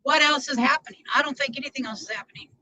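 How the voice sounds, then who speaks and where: A woman's voice: sits high, very fast, pushed and bright, slight background noise, rough recording. A woman rambling in casual live-stream chat from inside her car, greeting viewers by name.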